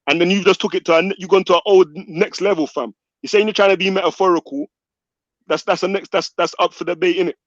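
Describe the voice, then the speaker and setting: A man's voice: sits high, steady tone, fast talker, no echo. A man with hosting a heated live-stream debate, cutting in and repeating words urgently. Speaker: stream host moderating a debate. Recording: dull lo-fi online audio.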